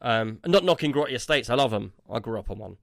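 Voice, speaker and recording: A man's voice: medium pitch, expressive, fast, creaky, no room sound, clean studio sound. A man, a podcast co-host telling a rambling story in casual chat, tagging his lines with "yeah?" and "like".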